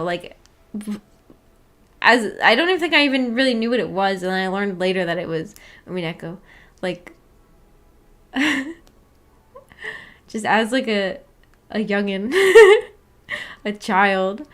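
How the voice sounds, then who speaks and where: A woman's voice: mid-range voice, fairly bright tone. A young woman hosting a casual live-stream book club, chatty and giggly, often restarting her sentences.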